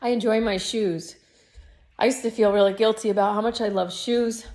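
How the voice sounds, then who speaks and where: A woman's voice: mid-range voice, steady tone, normal speed, a little mellow. Rambling woman in her fifties. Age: 50s. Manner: rambling and reflective. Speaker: yoga teacher. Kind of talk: personal video diary.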